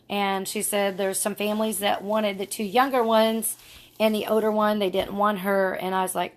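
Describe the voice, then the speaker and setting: A woman's voice: medium pitch, steady tone, moderate pace. Middle-aged woman, earnest rambling storyteller, casual vlog. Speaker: vlogger.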